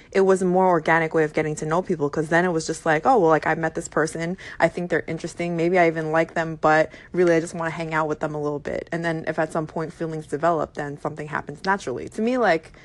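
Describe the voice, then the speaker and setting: A young woman hosting a casual chat, thinking aloud with lots of fillers. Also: deep voice. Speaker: host.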